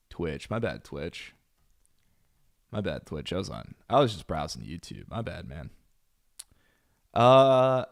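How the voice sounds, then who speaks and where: A man's voice: sits low, gravelly. A man streaming, chatting casually and bluntly as he reacts to videos, rambling with fillers.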